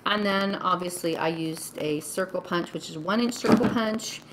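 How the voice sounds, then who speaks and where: A woman's voice: lowish voice, normal speed, very noisy. A woman craft vlogger giving a casual show-and-tell tutorial, chatty and gushing over small details. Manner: gushing, chatty, lots of "oh my goodness".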